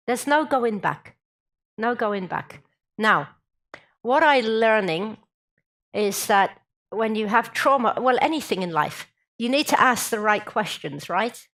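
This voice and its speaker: A woman's voice: on the high side, a bit bright. A woman giving a public talk, humorous and drawing the audience in with questions. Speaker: guest speaker.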